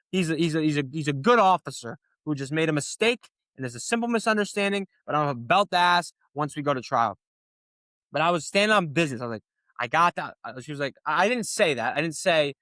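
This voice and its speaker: A tired young man rants through a casual sports talk show, swearing freely and getting more animated as he gets annoyed. His voice is bright and forceful, pitched a little high for a man, and the sound is close and dry. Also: fairly quick, dry recording. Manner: profane, ranting, animated when annoyed. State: tired late at night. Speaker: sports podcast host.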